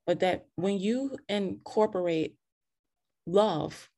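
A woman hosting a casual faith talk, animated and preachy, with many restarts and scripture quotes, heard over a video call. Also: medium pitch, slow. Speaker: podcast host.

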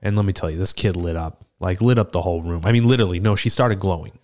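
A man's voice: low-pitched, quick pace, darkish tone, natural voice. A man playing a rambling old tortle cleric. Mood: animated. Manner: chatty and rambling, full of fillers and restarts. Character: seasoned male tortle cleric, rambling tavern storyteller. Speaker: player character in an improvised tavern scene. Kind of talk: improvised in-character storytelling.

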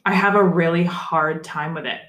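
A young woman with a fairly low voice, chatting casually and wandering between topics with plenty of fillers. Her voice sounds roomy and echoey. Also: steady tone, moderate pace, a bit bright. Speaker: podcast co-host. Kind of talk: casual chat.

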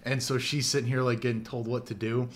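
A man's voice: mid-range voice, flat delivery, fast talker. Brief: a laughing male host in casual chat, acting out quotes with a faint hiss behind him. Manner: laughs often, acts out quotes in exaggerated voices.

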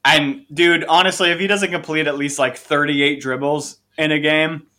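A man's voice: fairly high pitch, steady tone, moderate pace, pushed and bright. A young American man from Florida co-hosting a casual podcast chat from his garage, joking and swearing freely. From Florida, United States. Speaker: podcast co-host.

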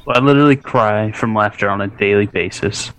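A man's voice: fairly low pitch, a little fast, fairly bright tone, dry recording. A man chatting casually on a podcast, laughing as he tells a funny story. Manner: laughing through his own story. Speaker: co-host. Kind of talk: casual chat.

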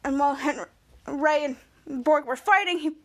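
Brief: woman podcast host, high voice, chatty and rambling. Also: moderate pace, a bit bright. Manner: rambling, with frequent restarts. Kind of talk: casual episode recap.

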